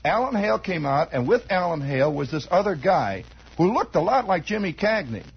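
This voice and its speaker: On a dull, lo-fi 1960s radio broadcast, a man hosts a show and improvises a rambling comic story, acting out pieces of it. His voice is high-pitched, creaky and breathy, very animated and fairly quick.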